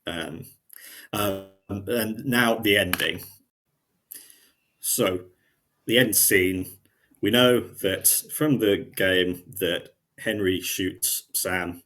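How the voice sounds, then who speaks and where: Guy on a podcast going over an episode, kinda low voice, lots of ums and restarts. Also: drawn-out words, long pauses, fairly bright tone. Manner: hesitant, with many fillers and restarts. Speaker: podcast co-host. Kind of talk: casual recap of a TV episode.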